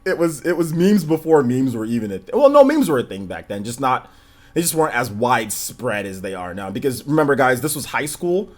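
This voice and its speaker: A man's voice: medium pitch, sing-song, brisk. A man in his thirties hosting a casual livestream, rambling through stories and laughing often. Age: 30s. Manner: rambling storytelling, frequent laughter. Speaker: livestream host.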